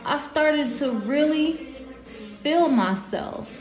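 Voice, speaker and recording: A woman's voice: high voice, animated, slow, over music. A young woman telling a personal story to camera at home, candid and emotional, with informal slangy quoted speech. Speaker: vlogger.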